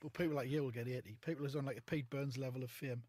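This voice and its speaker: A man bantering as a podcast co-host with quick, dry asides. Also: medium pitch, fairly even intonation, a little mellow, dry recording. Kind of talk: casual banter.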